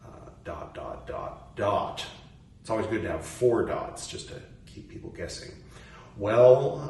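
Musing man reading aloud, roomy echo. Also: lowish voice. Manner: reads aloud, stops to muse and question. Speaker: reader and commentator. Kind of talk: casual reading with commentary. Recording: roomy echo, distant mic, faint noise.

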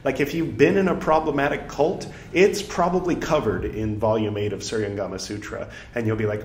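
A man's voice: medium pitch, fairly even intonation, a little fast, hardly any pauses, a little hiss or hum. A man reading a religious text aloud and breaking off into casual, joking commentary and self-corrections. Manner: chatty asides, self-corrects and jokes between passages. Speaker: scripture reader and commentator. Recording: roomy echo.

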